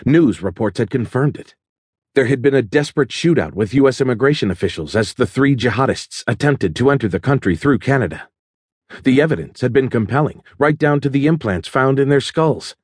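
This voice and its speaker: A man narrating a thriller audiobook in a steady, measured storytelling manner. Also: mid-range voice, slightly rough, no room sound, studio quality.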